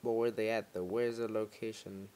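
A man's voice: lowish voice, little pitch movement, moderate pace, darkish tone, slight background noise. A man giving jumpy, muttering commentary while playing a horror game, bursting into panicked yelps when scared. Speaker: gaming YouTuber.

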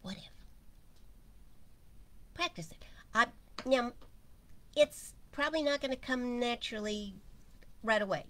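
A woman giving an informal spiritual talk, speaking slowly and musing aloud, often sinking to a near whisper. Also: on the high side, lively intonation, fairly bright tone. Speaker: spiritual teacher.

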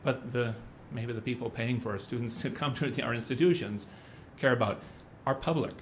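A man's voice: medium pitch, moderate pace, a little hiss or hum. A middle-aged man giving a conference talk, telling rambling anecdotes and acting out what others said. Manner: rambling storyteller who acts out quotes. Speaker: conference speaker.

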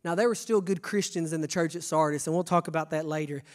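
A young man preaching a sermon, stammering on restarts and swinging from hushed to shouting. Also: a little high, fast. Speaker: pastor. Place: church sanctuary. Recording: long church reverb.

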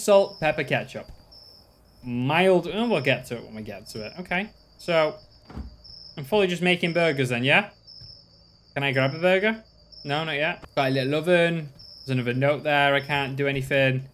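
A man's voice: fairly high pitch, fairly bright tone. A man hosting a gaming channel, playing a game with joking, self-mocking commentary.

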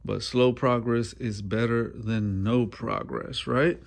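A man's voice: medium pitch, fairly even intonation, slow pace, vocal fry. A man walking through an engine swap in a garage, talking casually with many ums and uhs. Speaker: mechanic showing an engine swap. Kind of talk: casual walkthrough narration. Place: garage workshop.

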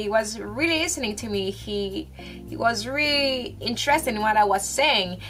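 A young woman talking to camera from her room in a casual, emotional vlog, halting with restarts and fillers. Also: a little high, lively intonation, a bit bright, soft background music. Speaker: vlogger.

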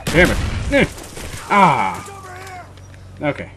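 A young man giving live commentary on his own gameplay, muttering one moment and yelling curses the next. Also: medium pitch, big pitch swings, normal speed, slight background noise. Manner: swings from muttering to loud swearing rage. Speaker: gamer recording his match.

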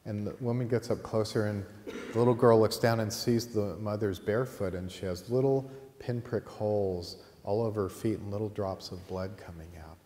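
A man teaching a class, telling a story with lively delivery and voicing the people in it. His voice sits on the low side, and the room adds a strong echo with long reverb. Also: normal speed. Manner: lively storyteller acting out characters. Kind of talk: storytelling during a lecture.

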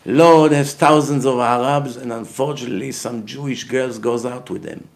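A man with a gravelly, medium-pitched voice, steady in tone and at a moderate pace, gives a heated religious lecture as a rabbi. He is blunt and emphatic, posing questions and answering them himself, and gets loud and forceful when driving home a point.

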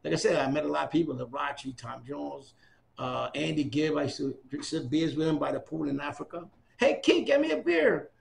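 Speaking at a fairly quick clip with a fairly high, creaky voice, this older New York City man from New City recounts stories for an oral history interview. He's an animated storyteller who performs the voices of those he quotes, and a little hiss or hum runs underneath.

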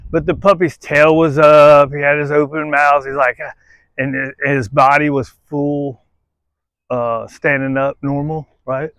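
A male dog trainer giving casual, on-the-spot commentary while he works a dog, blunt and quick to swear, tagging his points with "right?" and switching to a high coaxing voice for the dog. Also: level tone, fairly bright tone, clear, resonant tone, no echo. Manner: blunt, tags sentences with "right?", swears freely; coaxes the dog in a much higher voice between explanations. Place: outdoors at a playground jungle gym.

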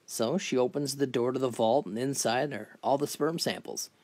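A man telling a string of crude jokes in a steady, scripted narration voice. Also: mid-range voice, normal speed. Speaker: joke teller.

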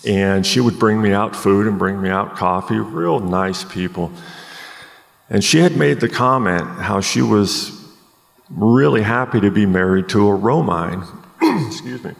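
A man in his forties earnestly telling his life story as a podcast guest, halting with many ums, recorded live at a conference. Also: fairly low pitch, gravelly, in a large hall.

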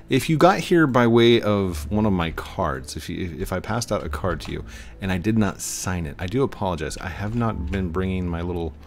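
A man with a rural Missouri twang, rambling and chatting through casual gameplay commentary as a gaming channel host, often mocking himself with a chuckle. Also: lowish voice. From Missouri, USA. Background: faint game music.

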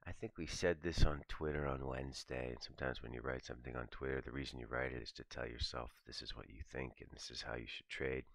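A man's voice: fairly even intonation, fast, hardly any pauses, a bit bright, no room sound. A man giving a casual, profane morning talk on trading, thinking aloud as he walks through his trades. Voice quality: gravelly, very low voice. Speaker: trading commentator. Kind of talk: morning market commentary.

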